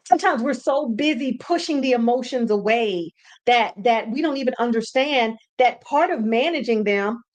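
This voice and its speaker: A woman hosting a casual teaching talk from home, animated and repeating words for emphasis. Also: a little high, normal speed. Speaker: podcast host and brand coach.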